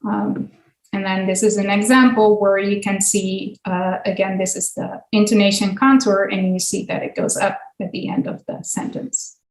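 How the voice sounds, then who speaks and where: A linguistics professor gives a guest academic lecture, patiently taking listeners through examples step by step with many small ums and uhs. Her mid-pitched voice is flat and moves at a normal pace, echoing around the room.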